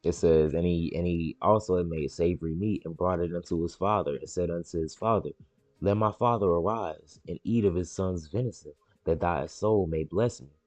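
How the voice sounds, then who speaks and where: A man on a live stream reading the Bible aloud and explaining it in casual slang, repeating words and jumping into high excited voices for the characters. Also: normal speed, dry recording, soft background music. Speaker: stream host reading scripture.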